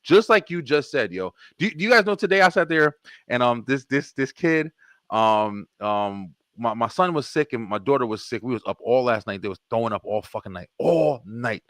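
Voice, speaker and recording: A middle-aged man hosting a podcast, telling stories in an animated, profane way. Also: medium pitch, moderate pace, no echo, clean studio sound. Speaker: podcast host. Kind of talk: casual podcast chat.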